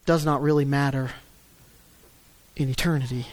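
A man preaching a sermon, swinging between loud emphatic stresses and low quiet asides. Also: fairly even intonation, moderate pace. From United States. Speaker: pastor.

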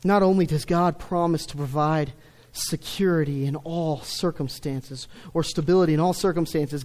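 A middle-aged man preaching a sermon, stressing key words loudly and then dropping to a hush. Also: fairly high pitch, moderate pace. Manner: emphatic, swings between loud stresses and hushed lines. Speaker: pastor.

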